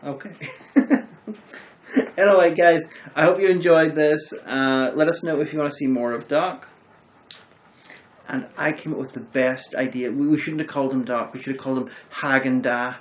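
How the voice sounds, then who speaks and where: A man hosting a film review chat, retelling the plot in a rambling, animated way. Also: a little high, normal speed, poor audio. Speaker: host of a film review show. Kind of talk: casual chat about a film.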